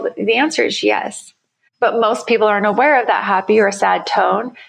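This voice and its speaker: A woman's voice: mid-range voice, gravelly. A woman company founder, a guest on a podcast interview, explaining her work in an enthusiastic, conversational way. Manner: enthusiastic, explanatory, self-correcting.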